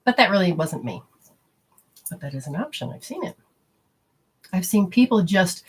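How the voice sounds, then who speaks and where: A middle-aged woman with a low, husky voice talks in a loose, rambling way. She hosts a spiritual talk show and slips into little acted-out voices when she quotes people. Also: animated, normal speed, pauses often. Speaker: spiritual radio host. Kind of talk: casual spoken talk.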